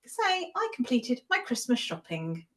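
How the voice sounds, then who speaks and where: A woman's voice: fairly high pitch, huge pitch swings, measured pace, a crowd in the background, poor audio. Woman in her 40s, bubbly podcast co-host, laughy and keen. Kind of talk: casual chat.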